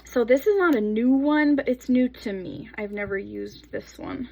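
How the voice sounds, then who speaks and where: A woman's voice: fairly high pitch, normal speed, creaky, a little mellow, low-quality recording. A young adult woman soap maker chatting casually through a tutorial, rambling into asides while she works.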